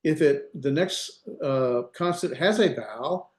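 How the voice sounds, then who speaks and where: This Hebrew instructor teaches an online class over a video call through his computer mic. His medium-pitched, slightly mellow voice moves at a measured pace in a reverberant space, and he explains things step by step with lots of fillers and restarts.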